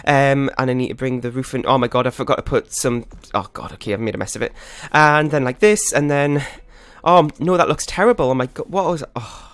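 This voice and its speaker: A man's voice: mid-range voice, a little fast, few pauses, clear, resonant tone, no room sound. A man hosting his own gaming channel, giving flustered, rambling, self-critical live commentary while he plays. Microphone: desktop USB microphone.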